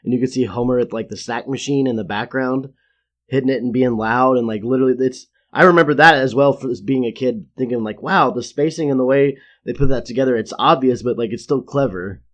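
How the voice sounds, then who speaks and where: A man co-hosting a podcast, chatting casually about a cartoon episode and tossing in quick impressions and laughs. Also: medium pitch, highs cut off. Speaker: podcast co-host.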